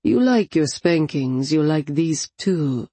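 A woman voicing a menacing male captor who speaks slowly and soothingly in a thick accent. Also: low-pitched, expressive, dark tone, breathy edge, no echo, exaggerated voice. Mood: calm, menacing. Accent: thick foreign accent. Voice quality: slow, soothing, controlled.

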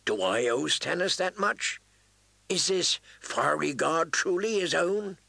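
A man's voice: fairly high pitch, lively intonation, slow pace, creaky, no echo, full character voice. A man reading a doubtful, weary knight. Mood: doubtful musing. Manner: quiet, inward musing.

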